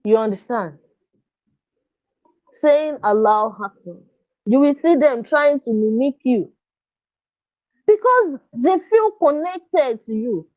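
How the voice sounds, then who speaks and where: A woman's voice: sits high, expressive, slow, pauses often. A woman coaching parents in a live online workshop, speaking earnestly and coaxingly and checking often that listeners follow her. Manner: earnest, coaxing, often asks "you understand?". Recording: dull lo-fi dry sound.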